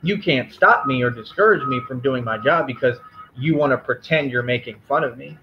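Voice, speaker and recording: A man's voice: mid-range voice, fairly quick, muffled recording, background noise. Firm, confrontational man on a stream. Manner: confrontational, firm and repetitive, lecturing. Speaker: livestream host. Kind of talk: live stream rant to chat.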